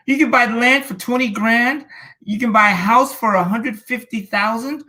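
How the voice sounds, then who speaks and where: A man from California talks casually as a show guest in a bright voice. He gets animated and laughs a lot as he pitches his ideas. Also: moderate pace. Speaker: guest financial commentator. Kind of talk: casual talk show chat.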